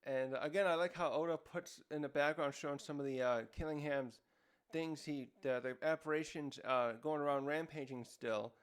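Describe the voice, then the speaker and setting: Recapping a manga chapter as a laid-back review host, this man has a slightly high voice with a clear, resonant tone and fairly even intonation. His delivery rambles, full of fillers as he searches for words, and he voices the characters' lines quickly and loudly.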